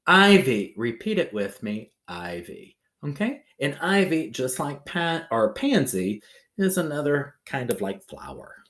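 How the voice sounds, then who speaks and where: A man teaching a phonics lesson to young pupils, slowly sounding out syllables and checking in with a bouncy "okay?". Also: mid-range voice, sing-song. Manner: slow, exaggerated sounding-out of syllables; ends phrases with a bouncy "okay?".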